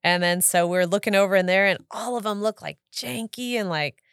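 A woman's voice: mid-range voice, a little fast, a bit bright, smooth, no room sound, studio quality. A woman in her thirties, co-hosting a casual chat show, who laughs often and acts out her kids' voices. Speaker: podcast co-host.

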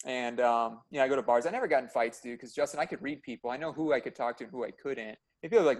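A man's voice: medium pitch, rapid-fire, hardly any pauses. A young adult man, a medical practitioner, talking intensely and bluntly in casual podcast chat, swearing freely.

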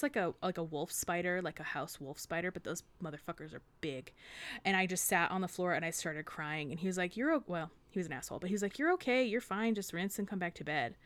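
A woman co-hosting a podcast, telling a story in a casual, animated way, full of swearing and acted-out quotes. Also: on the low side. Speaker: podcast co-host.

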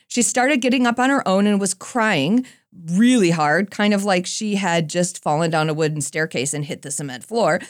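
A woman giving a Christian talk, telling a personal story in a lively, conversational way with self-deprecating asides. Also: medium pitch, no room sound, studio quality. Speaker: Christian speaker.

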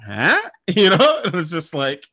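A man's voice: mid-range voice, lively intonation, normal speed, fairly bright tone. A young man co-hosting a comedy podcast, joking and rambling with lots of fillers. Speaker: podcast co-host. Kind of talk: casual comedic chat.

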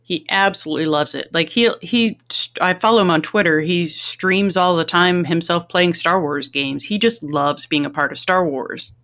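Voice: mid-range voice, moderate pace, hardly any pauses, fairly bright tone. A podcast co-host in casual chat, speaking as an enthusiastic fan. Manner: enthusiastic fan, chatty, laughs often.

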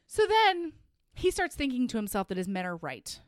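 A woman co-hosting a casual podcast, recapping a romance novel with profanity and quick acted-out asides. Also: a little high, no echo, clean studio sound. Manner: animated, profane, acts out characters in quick asides. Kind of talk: casual chat.

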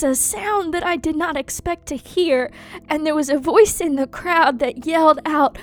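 A woman speaks in a high voice, slowly and with heavy pauses. She delivers a first-person dramatic monologue, anguished and intense, repeating phrases as she goes. Faint music plays quietly behind her. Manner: slow, anguished and intense, with many pauses and repetitions.

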